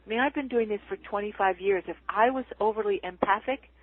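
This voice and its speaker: Woman, animated spiritual talk, mid-pitched voice, phone-line sound. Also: fairly quick. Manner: animated, laughs often, acts out quoted voices. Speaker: spiritual healer guest.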